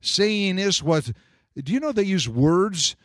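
A man preaching a sermon, animated and jokey, acting out imagined speakers. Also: high-pitched, slow, no room sound, studio quality.

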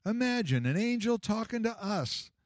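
A man voicing an old shepherd who speaks hesitantly and with reverent excitement in a storybook reading. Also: mid-range voice, normal speed, no echo, studio quality, natural voice. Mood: excited.

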